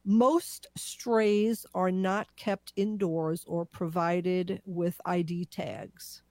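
A woman's voice: lowish voice, drawn-out words, no room sound. A woman co-hosting a radio show, sharing animal shelter facts in a chatty, laughing way. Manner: warm, laughing, informative. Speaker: radio co-host, animal advocate. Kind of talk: casual radio chat.

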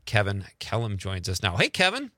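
Animated, bright-voiced male radio co-host. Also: lowish voice, moderate pace, dry recording, studio quality. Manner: jokey, animated, reads texts in a mock-outraged voice. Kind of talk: casual radio banter, reading listener texts. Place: radio studio.

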